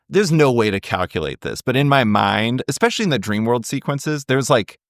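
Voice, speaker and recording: A man's voice: lowish voice, fairly bright tone, dry recording, studio quality. A man hosting a podcast interview, asking thoughtful questions in a conversational way. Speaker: podcast host.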